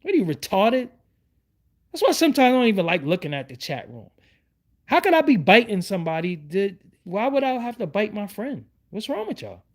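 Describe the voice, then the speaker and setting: A middle-aged New man hosts his online show in a heated rant, firing off one rhetorical question after another. His voice sits high and swings widely in pitch as he talks. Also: sing-song, a little fast. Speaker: YouTube show host. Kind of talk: livestream rant.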